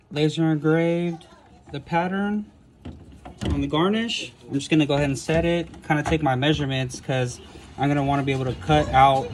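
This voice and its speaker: A man's voice: a little high, background noise. A man in a garage workshop, casually thinking aloud as he measures and cuts a car part. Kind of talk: casual how-to narration.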